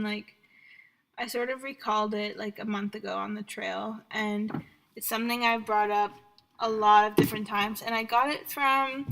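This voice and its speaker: A woman's voice: a little high, gravelly, a bit bright, rough recording. A young woman, a podcast guest, chatting casually and telling a folktale with frequent laughter. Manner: laughs often, storytelling. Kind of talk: casual interview chat.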